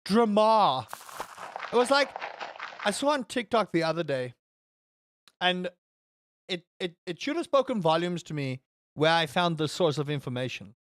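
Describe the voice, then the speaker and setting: A gaming streamer chatting casually with viewers while playing, rambling and swearing, with sudden high outbursts. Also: normal speed, long pauses, no echo, clean studio sound. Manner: animated, rambling, swears, jumps to high shouts.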